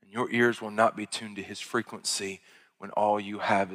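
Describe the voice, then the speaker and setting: A male pastor preaching a sermon, rising to loud, high-pitched exhortation and dropping to hushed, quiet passages. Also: flat delivery, normal speed. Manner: impassioned preaching that swells loud and high, then drops to hushed tones. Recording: long hall reverb.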